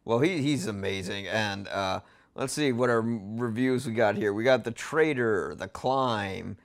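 A man's voice: on the low side, a little slow. Jokey, profane man hosting a podcast. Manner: jokey and profane, laughs often. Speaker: podcast host. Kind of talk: casual podcast conversation.

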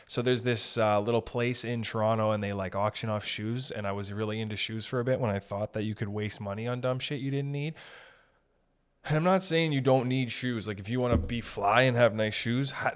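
A young man hosting a podcast, rambling through a comedic monologue, interrupting himself often and swearing casually. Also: fairly low pitch. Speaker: podcast host.

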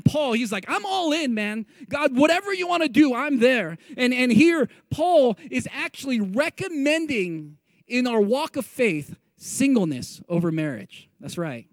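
A man with a notably high voice preaches a sermon in a lively, conversational way. He jokes with his listeners and calls on them to repeat phrases back to him. The sound is dry and close, with little room in it. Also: dry recording. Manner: joking asides to the audience. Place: meeting room with a live audience.

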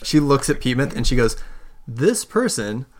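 A man acts as game master for a tabletop role-playing session. He narrates in a relaxed, rambling way, full of fillers, describing what the characters around the table do. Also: medium pitch, fast. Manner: relaxed, filler-heavy narration with quoted voices.

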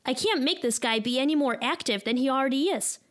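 A woman's voice: high voice, expressive, quick pace, fairly bright tone. A woman in her thirties with a Chicago accent, telling a personal story live in a candid, self-deprecating, wry way. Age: 30s.

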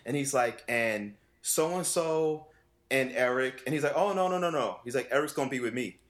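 A vocal coach in casual conversation, telling a story with lots of acted-out dialogue, laughing often and swearing casually. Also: male voice, mid-range voice, normal speed. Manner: animated, acts out quoted dialogue with voice shifts.

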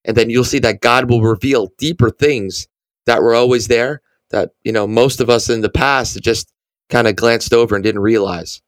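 A man's voice: medium pitch, fairly even intonation, moderate pace, no room sound. Guy on a bible podcast, earnest, keeps restarting his sentences, dry close sound. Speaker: ministry podcast co-host. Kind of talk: conversational Bible teaching.

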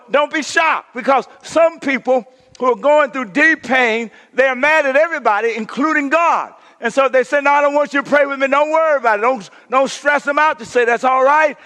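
A male pastor preaches with a high, bright, ringing voice, taking his time and leaning on each phrase. He calls the congregation to answer back and sinks to a near whisper for emphasis. His words echo with a long reverb through a large hall. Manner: call-and-response preaching, drops to a hush for emphasis. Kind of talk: sermon.

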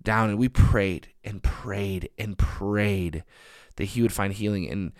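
A man's voice: on the low side, fairly even intonation, takes it slowly, no echo, clean studio sound. A young man preaching a sermon, earnest and emphatic, building on repeated phrases.

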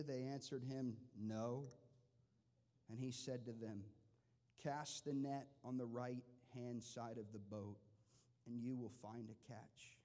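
A man preaching a sermon with passion, moving from quiet, measured talk to loud, pleading outbursts. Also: medium pitch, steady tone. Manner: impassioned, swings from quiet to shouting. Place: large church hall. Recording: long hall reverb.

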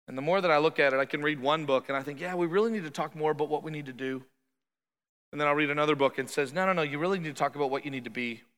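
A man preaching a conversational sermon as pastor, animated and quick to act out quoted voices. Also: fairly high pitch, in a large hall. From Canada.

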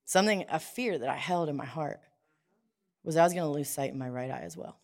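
A woman's voice: low voice, brisk. A woman preaching a sermon, telling a personal story in a conversational way with frequent restarts.

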